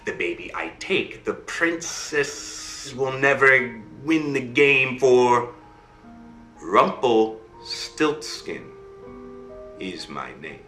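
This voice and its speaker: Fairy-tale imp, sly and menacing, dropped low and hushed, as a man acting out a bedtime story puts him on, in an echoey room with faint music. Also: distant mic, exaggerated voice.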